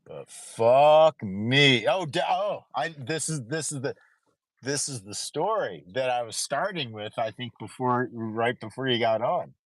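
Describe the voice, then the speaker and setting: Man, casual storytelling, lively swooping pitch, slow delivery, cursing freely. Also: dry recording, poor audio. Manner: animated, profane storytelling.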